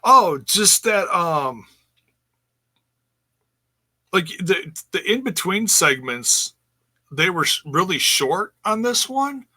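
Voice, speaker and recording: A man co-hosting a casual wrestling review podcast, recapping matches in a relaxed way. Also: high voice, slow pace, long pauses. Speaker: podcast co-host.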